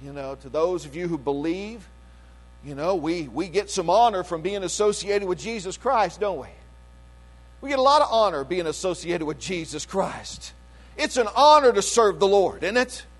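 A man's voice: high-pitched, animated, normal speed. An older man preaching a sermon, earnest and emphatic, stopping to restart phrases and asking the congregation to agree with him. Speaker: pastor.

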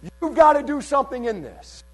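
A man with a high voice preaches a fervent sermon, dropping to a near hush and then surging loud again. He reads scripture aloud in old-fashioned wording. A mains hum sits under the recording. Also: sing-song, moderate pace.

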